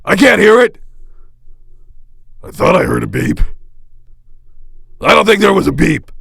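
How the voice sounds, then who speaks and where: A man voicing a whiny, demanding male fan in a cartoon, who talks in a bratty, pleading and shouty way. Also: fairly high pitch, animated, normal speed, vocal fry, breathy edge, dry recording, heavily acted. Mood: indignant. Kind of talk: cartoon voice acting.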